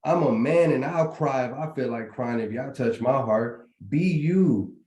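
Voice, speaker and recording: A man hosts a casual live group chat for a trading community, sounding preachy, motivational and full of slang. His medium-pitched voice is mellow and lively in intonation, and he takes his time. The lo-fi recording has a roomy echo.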